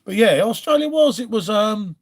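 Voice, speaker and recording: A man's voice: high voice, lively intonation, moderate pace. A man from England hosting a casual live stream from home, rambling and chatting to viewers as he reads out their comments. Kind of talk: casual chat.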